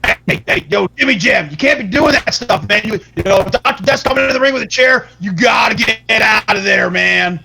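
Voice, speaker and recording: A podcaster slipping into a laid-back wrestler pal, his voice dropping lower than his own as he coaxes a hotheaded friend to stop. The delivery is easygoing and pleading, with a drawn-out, buddy-like "man." It is a loose impression tossed off mid-chat rather than a polished character. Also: gravelly, bright, forceful tone, husky, exaggerated voice. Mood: coaxing.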